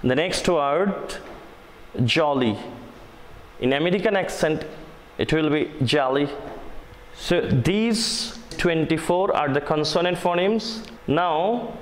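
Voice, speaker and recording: A man with a Bangladeshi English accent, a native Bengali speaker, teaching a phonetics lesson slowly and deliberately, spelling out sounds one by one. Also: a little high. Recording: echoey room with long reverb and faint noise.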